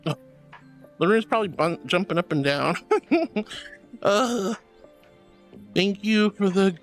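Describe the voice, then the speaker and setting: Woman streamer, mid-pitched and lively, playful theatrical banter with chat, faint music bed. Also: moderate pace. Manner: playful and theatrical, mock-indignant protests; affectionate greetings to chat. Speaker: streamer chatting with viewers. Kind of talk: casual live-stream chat.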